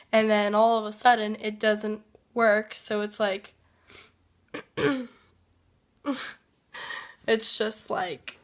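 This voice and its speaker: A woman with a hoarse voice from being sick, giving a hesitant, reflective personal life update as a vlogger. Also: mid-range voice. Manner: slow, hesitant and reflective, many pauses and fillers. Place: workplace.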